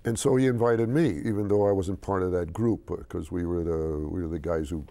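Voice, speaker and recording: A low, gravelly older man tells a long story in a TV interview. His voice is dark and mellow. He stumbles and restarts, then acts out the voices of the people in it. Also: brisk. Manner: animated storyteller, hesitant with restarts. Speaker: interview guest, company chairman.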